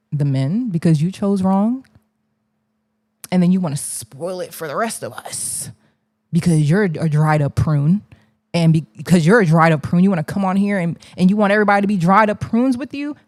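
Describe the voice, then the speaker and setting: A woman on a livestream talks in an impassioned, preachy monologue, her voice sitting a little low. She is blunt and colloquial and stacks repeated rhetorical challenges. The sound is close and dry, with no room around it. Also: normal speed, a little mellow, no room sound. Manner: blunt, colloquial, drops into slang.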